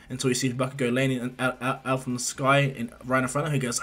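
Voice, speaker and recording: A man's voice: mid-range voice, fast talker, sharp tone, slightly rough. A man casually retelling a fan story, rambling with fillers and restarts.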